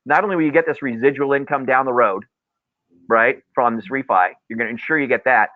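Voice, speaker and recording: A man's voice: mid-range voice, a little fast, no echo. A man coaching loan officers in a webinar, telling stories with lots of repeated phrases. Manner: animated storyteller, repeats key phrases. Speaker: mortgage loan officer presenter. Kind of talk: webinar sales coaching talk. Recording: tinny dry phone-like line.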